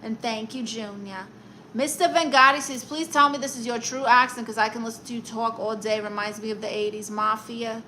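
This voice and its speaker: A woman's voice: on the high side, steady tone, a little fast, sharp tone, a little hiss or hum, low-quality recording. Sassy Brooklyn woman roasting her chat. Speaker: live-stream host reading chat. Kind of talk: casual live-stream chat.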